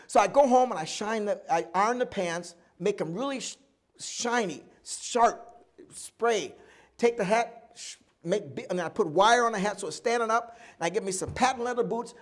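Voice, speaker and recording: A man in his seventies, a guest at a live oral history event, telling stories from his life in an animated way and acting out both sides of each conversation. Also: sits high. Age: 70s. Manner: animated storyteller who acts out dialogue and laughs often.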